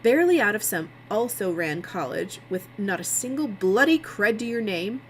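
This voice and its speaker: A woman's voice: medium pitch, very animated, moderate pace, a little hiss or hum, natural voice, poor audio. A woman voicing a smug male TV producer, sarcastic and needling.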